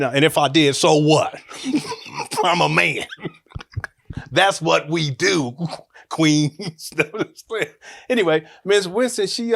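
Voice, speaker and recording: A man in his forties with a voice a little higher than most men. He talks frankly and jokes as he goes, rambling and breaking off into restarts. It sounds like a relaxed, off-the-cuff storytelling monologue.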